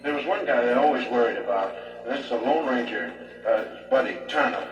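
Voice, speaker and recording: A man telling rambling, animated stand-up stories, recorded from a distance in a roomy space. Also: medium pitch, fairly quick, highs cut off, a little hiss or hum. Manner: rambling, animated, leans on 'you know'. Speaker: stand-up comedian. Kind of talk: stand-up storytelling. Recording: echoey distant live recording with music.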